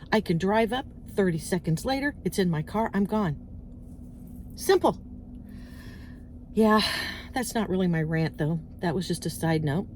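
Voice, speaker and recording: A middle-aged woman with a higher voice vlogs into her phone outdoors while waiting in a parked-car area, with slight background noise. She rants chattily to camera, telling stories and acting out little voices.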